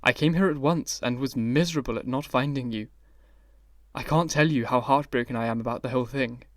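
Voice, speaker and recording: A man's voice: medium pitch, brisk, no echo, clean studio sound, voice pushed down, close to an everyday voice. A man voicing a grave, pleading painter. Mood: earnest. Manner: earnest, pleading. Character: grave, anguished male painter friend.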